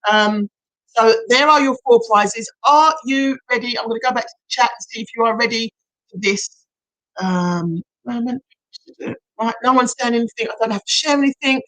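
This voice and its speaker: High-voiced chatty woman. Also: normal speed, no echo, rough recording. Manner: chatty, gushing, bursts into excited shouts. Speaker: hypnotherapist hosting a live prize draw. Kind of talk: casual live-stream chat.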